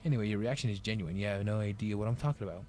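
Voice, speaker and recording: A man's voice: fairly low pitch, racing, mellow, slight background noise, close to an everyday voice. A man voicing a sly, menacing male spider faunus who taunts his target in a fan-made visual novel reading. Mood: smug taunting. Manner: taunting, smug.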